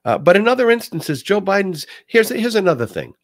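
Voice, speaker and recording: A man hosting a talk show, giving casual political commentary with a swooping, animated delivery and frequent restarts. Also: high-pitched, fairly quick, no room sound, clean studio sound.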